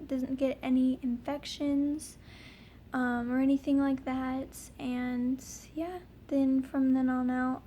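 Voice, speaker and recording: A woman's voice: high voice, dark tone, slight background noise. A young woman telling a personal story in a casual vlog, rambling with lots of ums and likes. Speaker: vlogger.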